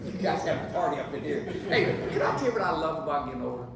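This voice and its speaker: A man's voice: fairly high pitch, animated, fast, vocal fry, background noise. Preachy man speaking in an echoey hall. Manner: punchy, preachy, joking with the crowd. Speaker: keynote speaker. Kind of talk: inspirational keynote speech. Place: banquet hall. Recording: very echoey hall, distant mic.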